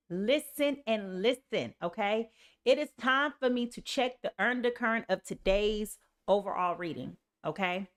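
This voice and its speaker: A woman's voice: fairly high pitch, a bit bright. A woman reading tarot on a live stream in an emphatic, casual way, often saying "okay" and "y'all". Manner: sings snatches of songs and reads lyrics aloud. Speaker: tarot reader.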